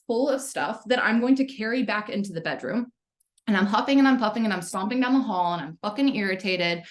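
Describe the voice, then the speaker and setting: A woman's voice: medium pitch, a bit bright. A young adult woman leading a spiritual gathering, telling a personal story in a candid, casual way with frequent swearing and check-ins with her listeners. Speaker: spiritual community leader. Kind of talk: casual spoken sermon.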